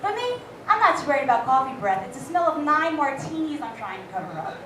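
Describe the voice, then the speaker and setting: Stand-up as a brash young woman, high and lively, echoey room, faint noise behind. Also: quick pace. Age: young adult. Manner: brash, raunchy, self-mocking. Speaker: stand-up comic. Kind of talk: stand-up set. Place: comedy club stage. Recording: echoey club, far from mic, faint noise.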